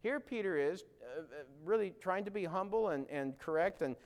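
A male preacher delivers a sermon in a smooth, resonant voice that sits a little high for a man. He talks earnestly, puts questions straight to his listeners, and acts out quoted lines with mounting emphasis. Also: lively intonation, moderate pace.

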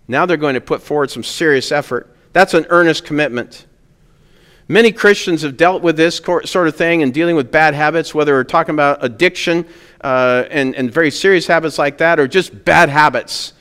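Male pastor, smooth resonant voice pitched a bit high, earnest sermon delivery, long church reverb. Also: a bit bright. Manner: earnest preaching, rising to emphatic peaks on key words.

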